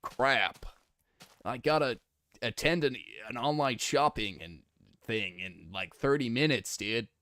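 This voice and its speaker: A man's voice: medium pitch, takes it slowly, sharp tone, no room sound. A young man streaming a game, chatting casually and laughing, flustered and rambling. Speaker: gaming streamer.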